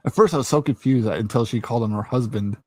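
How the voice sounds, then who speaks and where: A man's voice: mid-range voice, fast, dry recording. A man hosting a casual chat, retelling scenes with lots of swearing and laughter. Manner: animated storyteller, swears freely, laughs often. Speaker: host.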